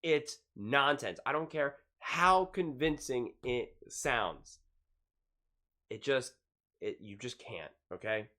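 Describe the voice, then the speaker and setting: A man's voice: mid-range voice, lively intonation, takes it slowly, sharp tone. A man giving online sports reaction commentary in an exasperated, ranting way.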